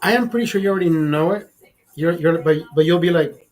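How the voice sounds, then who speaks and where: A man's voice: a little high, fairly quick, darkish tone, faint music behind. A man hosting a casual livestream chat, crude and profane, rambling with many restarts. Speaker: livestream host.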